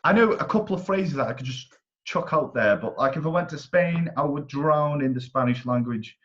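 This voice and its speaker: A man's voice: on the high side, animated, a little fast, fairly bright tone, lo-fi sound. A young man hosting a casual podcast, talking in a laid-back, self-mocking way. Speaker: podcast host.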